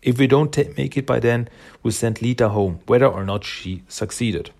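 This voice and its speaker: A man voicing an earnest young male turtle leader, reading his lines in a steady, slightly lower voice. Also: normal speed, gravelly.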